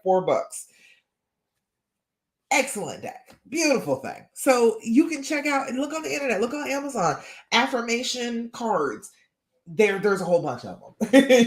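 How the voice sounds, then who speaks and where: A woman's voice: fairly high pitch, a little mellow, echoey room. A woman relationship coach gives a live-streamed talk. She sounds tired and keeps checking in with listeners with "okay?" and "all right?".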